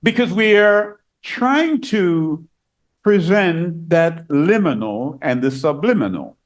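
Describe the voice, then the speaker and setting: A man preaching a sermon, reading scripture aloud and explaining it, repeating key phrases and rising higher and louder for emphasis. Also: big pitch swings, takes it slowly.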